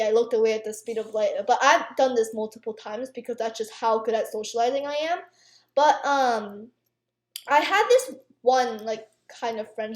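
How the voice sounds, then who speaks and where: Rambling high-voiced teen girl gamer. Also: a little mellow, echoey room. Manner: rambling, filler-heavy, self-mocking. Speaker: gaming YouTuber. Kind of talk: rambling chatty rant over gameplay.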